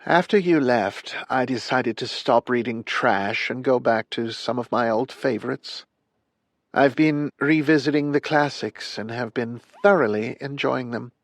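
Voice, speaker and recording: A man narrating an audiobook and voicing a frail, dying elderly woman in a high, thin put-on voice. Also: a little slow, no room sound, studio quality, natural voice.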